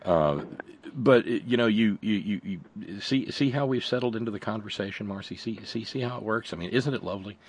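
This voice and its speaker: A man hosting a radio call-in show, chatting in a halting, wry way and often repeating his words. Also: on the low side, slightly rough. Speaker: radio talk show host. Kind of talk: casual call-in chat.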